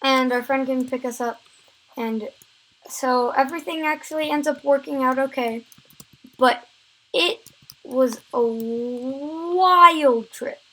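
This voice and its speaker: A woman's voice: high-pitched, steady tone, normal speed, pauses often, poor audio. A woman vlogger telling a story time tale, rambling with many fillers and restarts.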